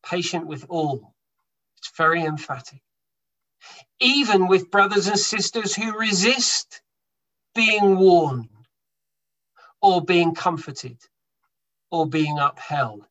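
The audio is poor, and the man's voice is high-pitched and animated, slow, with frequent pauses. He emphatically preaches a sermon to his congregation, swelling and lowering his volume for emphasis.

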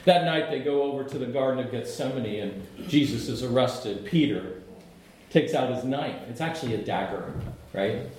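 Middle-aged preacher in an echoey hall. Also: male voice, medium pitch, normal speed, a little hiss or hum. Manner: animated storytelling with humor and asides. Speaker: pastor. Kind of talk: sermon.

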